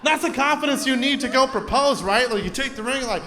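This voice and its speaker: A Canadian man performing a stand-up comedy set on a club stage into a handheld mic, animated, swinging between loud bursts and low asides. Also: a little fast, vocal fry, very noisy. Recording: roomy club with crowd laughter.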